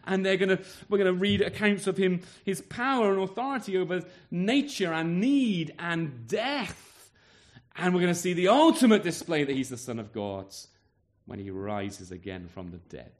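A man's voice: high voice, normal speed. A man preaching a sermon to a local church congregation, firing off rhetorical questions and acting out little exchanges. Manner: lively, full of rhetorical questions and acted-out exchanges.

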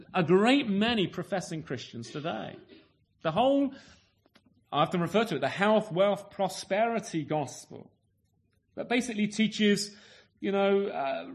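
Preaching a sermon, a high-voiced man speaks earnestly, repeatedly turning his statements into rhetorical tag questions. He frequently restarts and repeats words partway through a thought.

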